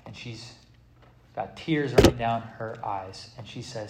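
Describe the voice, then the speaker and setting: A man preaching a sermon, animated and theatrical, acting out scripture and laughing along. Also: mid-range voice, unhurried, echoey room, heavy background noise. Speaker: pastor.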